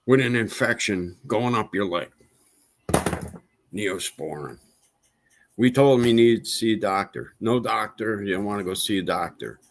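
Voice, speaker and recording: A man's voice: fairly low pitch, normal speed, pauses often, a little hiss or hum. A man hosting a livestream, venting in a casual monologue with exasperation and repeating himself for emphasis. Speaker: livestream host.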